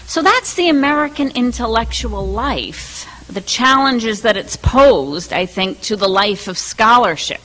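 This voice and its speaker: A middle-aged woman delivers a prepared academic talk at a colloquium, with a fairly high and very bright, forceful voice. She speaks in a measured, deliberate way and sometimes restarts a phrase. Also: animated, poor audio.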